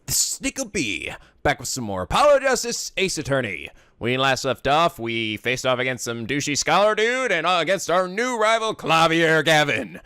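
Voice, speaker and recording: A man doing a goofy, excitable let's play commentary, swearing and joking. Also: fairly high pitch, brisk, few pauses, clean tone, no room sound, clean studio sound. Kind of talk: game commentary.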